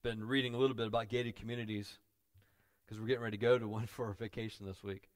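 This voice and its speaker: A man preaching a sermon as pastor, dropping to quiet asides and building to loud, emphatic peaks. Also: lowish voice, level tone, quick pace.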